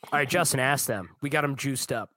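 An American man as a podcast guest, trading quick joking banter in casual chat. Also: medium pitch, bright, forceful tone, dry recording.

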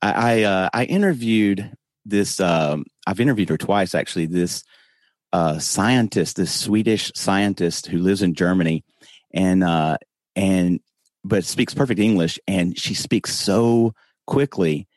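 Southern US man, deep voice, unhurried and rambling, as an interview guest. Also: darkish tone, dry recording, studio quality. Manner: slow, meandering, halting restarts. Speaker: podcast guest. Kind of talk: casual interview chat.

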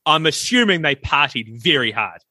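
A man's voice: on the high side, sing-song, normal speed, bright, forceful tone, no room sound. A middle-aged man, co-hosting a casual podcast and telling stories animatedly, acting out the voices he quotes. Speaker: podcast co-host. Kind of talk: casual chat.

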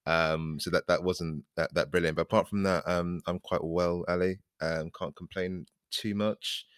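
A man co-hosts a football podcast and recounts a mishap with lively, self-mocking energy. His voice sits low, and the recording is dry and close. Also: normal speed, clear, resonant tone, dry recording. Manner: animated storyteller, self-deprecating. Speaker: podcast co-host. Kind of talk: casual podcast chat.

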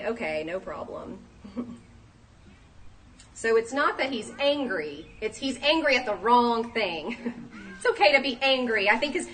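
A woman in her thirties giving a sermon, lively and acting out the voices she quotes. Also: fairly high pitch. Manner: animated, acts out quoted voices. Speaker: speaker at a church talk. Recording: distant mic, faint room noise.

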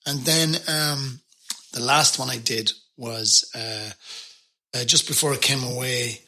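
A man's voice: medium pitch, fairly even intonation, takes it slowly, sharp tone. An Irish man telling stories as a podcast guest, chatty and self-deprecating. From Ireland. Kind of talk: casual interview chat.

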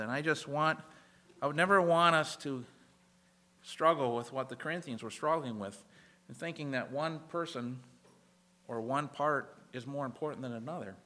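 A man's voice: a little high, normal speed, bright, forceful tone. A man preaching a sermon in an earnest, emphatic way, stressing key phrases. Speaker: pastor.

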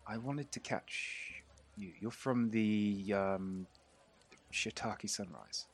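A man voicing a well-dressed, fastidious male half-orc who speaks softly and hesitantly in a tabletop game. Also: mid-range voice. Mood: reserved.

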